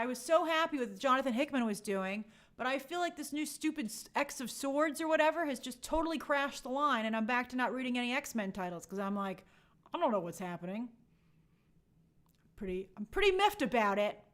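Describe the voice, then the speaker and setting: A young woman chats casually on a livestream, answering her viewers' comments one after another. Her voice sits a little high and swings up and down with lively, animated pitch. She keeps a wry, sarcastic edge as she talks. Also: a little fast. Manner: chatty, sarcastic, reads viewer comments aloud. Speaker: host answering live chat.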